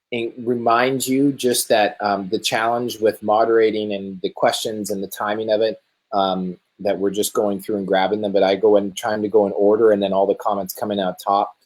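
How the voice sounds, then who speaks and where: A man hosting and moderating a live Q&A, casual and halting with many fillers. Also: fairly low pitch, darkish tone, rough recording. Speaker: host and moderator.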